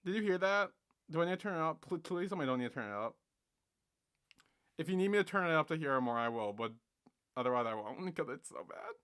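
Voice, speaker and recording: Animated bright-voiced young man. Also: a little high, fast, pauses often, clean tone. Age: 20s. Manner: excitable, laughing, swearing often. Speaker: streamer. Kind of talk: livestream reaction commentary.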